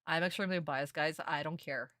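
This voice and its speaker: Excitable young woman streamer, low voice. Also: a little fast, dry recording. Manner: excitable, laughing often, swearing casually. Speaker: streamer reacting to an anime. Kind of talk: casual reaction commentary.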